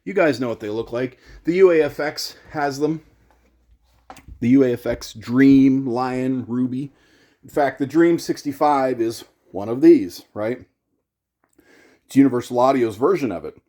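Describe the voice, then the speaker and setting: A man's voice: medium pitch, a little slow, warm tone. A middle-aged man hosting a casual gear vlog, talking in a chatty, rambling, self-deprecating way. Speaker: YouTuber and pedal demo host.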